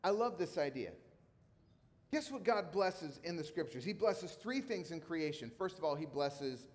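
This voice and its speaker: A man's voice: a little high, expressive, normal speed. A middle-aged man who is a pastor, preaching a sermon in a casual, conversational way with emphatic repetition. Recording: long hall reverb.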